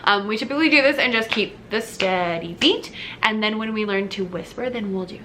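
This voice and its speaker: A woman's voice: mid-range voice, brisk, pushed and bright, a little hiss or hum. A woman who teaches elementary music, chatting casually to camera with an upbeat manner and many fillers.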